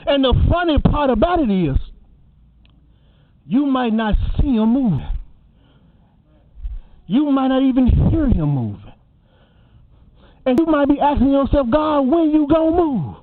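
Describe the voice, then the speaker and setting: A man's voice: very high voice, sing-song, a little slow, pauses often. A man preaching a funeral sermon in a rhythmic, repetitive cadence. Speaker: eulogist preacher. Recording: tinny, phone-like lo-fi audio.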